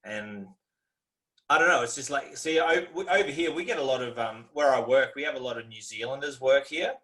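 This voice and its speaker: A man's voice: mid-range voice, fairly quick, fairly bright tone. An Australian man chatting casually over a video call, easygoing and rambling, laughing often. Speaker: guest.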